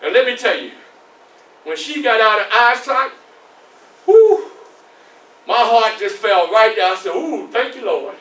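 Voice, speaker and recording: A male reenactor playing a formerly enslaved man who recounts his youth in an animated one-man stage show, shouting at tense moments, in a library room. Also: sits high, moderate pace, voice pushed down. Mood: intense. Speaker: historical reenactor. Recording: roomy library room, mic far off.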